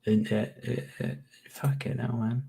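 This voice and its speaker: Northern english youtuber, late 20s, sweary rambling, gravelly. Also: male voice, mid-range voice, fairly even intonation, unhurried, dark tone. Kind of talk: casual reaction commentary.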